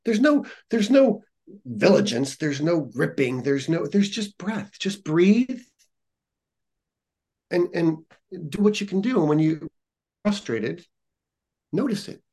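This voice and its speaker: A man's voice: on the high side, very animated, slow, pauses often, dark tone. A man who teaches yoga, talking in a casual podcast conversation with an earnest, encouraging coaching tone, repeating phrases for emphasis.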